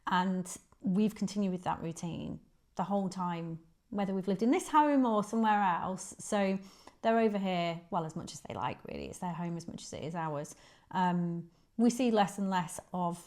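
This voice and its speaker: A woman's voice: fairly low pitch, moderate pace, a little mellow. A woman in her forties from Manchester with a Northern English accent, a guest chatting casually, self-deprecating and full of ums. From Manchester, England. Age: 40s. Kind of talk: casual chat.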